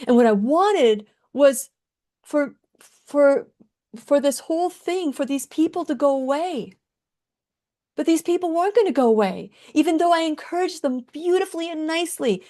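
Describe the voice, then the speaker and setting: A woman's voice: fairly high pitch, mellow. A woman radio host telling a personal story in an earnest, heartfelt way, often restarting her sentences.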